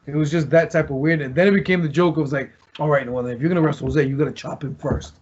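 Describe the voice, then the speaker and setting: A former pro wrestler spins locker-room stories in casual chat, his slightly high, husky, somewhat mellow voice moving fast with fairly even intonation. He rambles, restarts often, and acts out what other people said. The podcast audio is dull and lo-fi.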